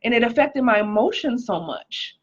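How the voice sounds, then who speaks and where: A woman with a fairly high, animated voice talks at normal speed while sharing her personal testimony on a livestream. She's casual, calling out viewers by name and peppering her speech with "like" and "um," and the highs in the audio are cut off.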